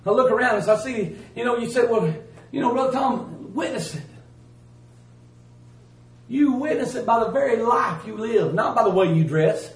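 Folksy preacher in a roomy church. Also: male voice, extremely high pitch, expressive, a little fast. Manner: folksy, emphatic, swings from loud to hushed. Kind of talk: sermon. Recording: roomy church sound from a distance.

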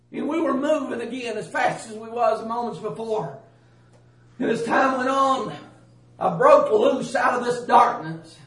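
A man's voice: extremely high pitch, a bit bright. A man giving an emotional testimony about a dream, crying out dramatically and repeating himself. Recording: echoey room, mic at a distance.

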